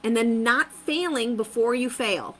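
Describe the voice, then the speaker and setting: A woman's voice: fairly high pitch, unhurried, rough recording. A woman hosting a live-streamed motivational talk, upbeat and emphatic, repeating her phrases and laughing often.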